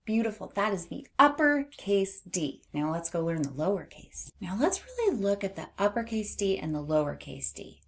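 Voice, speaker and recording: A woman leads a children's phonics lesson at an unhurried pace. Her voice sits a little low, and she exaggerates each sound clearly. She drops in playful asides to keep young listeners engaged. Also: a bit bright. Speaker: phonics teacher.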